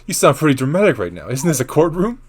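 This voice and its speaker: A man's voice: on the high side, big pitch swings, fast. A man voicing a smug, flippant male witness who brushes off every question.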